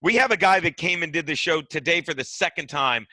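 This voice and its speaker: Middle-aged comedian dude, high bright voice, swears a lot, dry close mic. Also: male voice, a little fast, no echo. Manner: profane, rambling storyteller. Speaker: guest comedian and radio host. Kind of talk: casual podcast chat.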